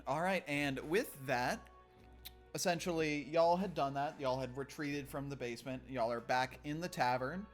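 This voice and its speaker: A man's voice: a little high, normal speed, soft background music. Playful man running a tabletop game. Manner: joking, playful. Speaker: game master. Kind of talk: casual game narration.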